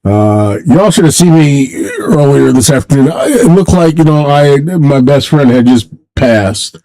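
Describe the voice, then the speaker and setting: A man hosting a casual solo livestream from home, rambling and halting, talking in a sentimental way. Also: on the high side, lively intonation, crowd noise, rough recording. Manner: rambling, halting, many restarts; emotional, sentimental. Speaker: livestream host.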